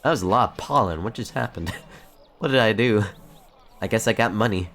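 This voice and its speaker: A man's voice: fairly low pitch, a little fast, pauses often, fairly bright tone, slight background noise. A young man streaming a fantasy online game, chatting playfully and reading quest text aloud. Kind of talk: casual live-stream commentary.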